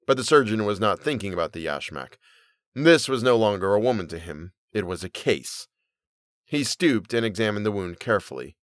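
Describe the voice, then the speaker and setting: A man reading a Victorian short story aloud as storyteller, in steady, measured narration. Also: lowish voice, no room sound, studio quality.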